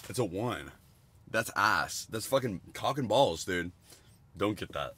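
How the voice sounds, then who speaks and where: Brief: twenties male streamer, lowish pitch, crude rambling food-review chatter, sudden excited spikes. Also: unhurried, slight background noise. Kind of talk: casual livestream food review.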